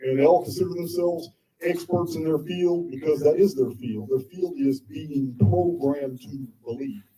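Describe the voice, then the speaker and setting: A man's voice: on the high side, normal speed, distant mic, a loud crowd, rough recording. A man presenting live to an audience, talking bluntly and combatively with frequent swearing. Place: indoor meetup venue with audience.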